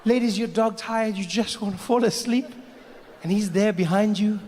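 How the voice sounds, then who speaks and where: A man's voice: sits high, moderate pace, darkish tone. A man performing a stand-up comedy set on a large stage, telling stories animatedly and jumping into character voices. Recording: stage mic with long hall reverb, faint hiss.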